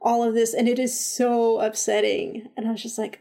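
A young woman co-hosting a casual chat, retelling a video game's story in an animated, emphatic way. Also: fairly high pitch, normal speed, vocal fry. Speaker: podcast co-host.

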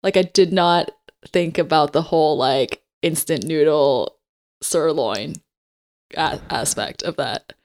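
A woman co-hosting a casual podcast chat, chiming in with quick comments and questions. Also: low-pitched. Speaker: podcast co-host.

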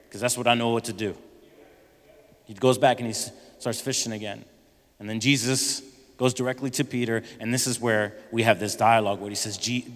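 Animated preaching man in a reverberant hall. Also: mid-range voice. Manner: animated preaching, acting out Bible figures' lines. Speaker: pastor. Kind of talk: sermon.

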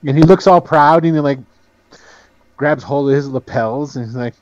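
A man narrating as game master in a tabletop game, lively and full of fillers. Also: mid-range voice, moderate pace, dry recording, highs cut off. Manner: lively, many fillers and character voices.

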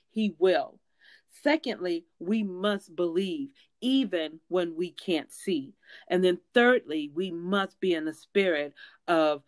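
A woman's voice: fairly low pitch, dry recording. A woman preaching a sermon in an earnest, emphatic way, with frequent fillers and restarts.

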